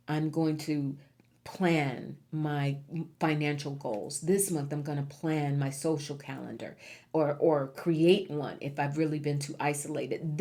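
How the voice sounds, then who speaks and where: A woman with a low voice reads tarot cards for viewers. She is encouraging and emphatic, and she leans on repeated key words to drive each point home. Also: dark tone. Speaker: tarot reader. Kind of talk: pick-a-card tarot reading.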